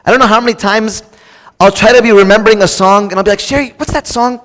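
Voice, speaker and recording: This preacher's high, somewhat bright voice moves at a quick pace with fairly even intonation. He addresses the congregation directly in a joking, conversational sermon, using casual fillers and restarting sentences, all echoing in a large hall.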